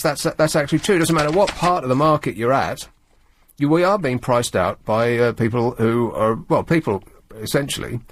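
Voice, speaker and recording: A male radio host from England chatting over the news in a dry, sardonic, rambling way, full of ums and asides. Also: mid-range voice. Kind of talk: late-night radio chat and news commentary.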